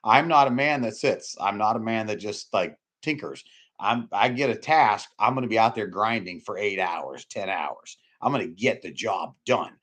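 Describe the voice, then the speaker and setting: A man giving an informal sermon, rambling and repeating himself, with emphatic swings between loud bursts and low murmurs. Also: lively intonation, moderate pace. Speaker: preacher.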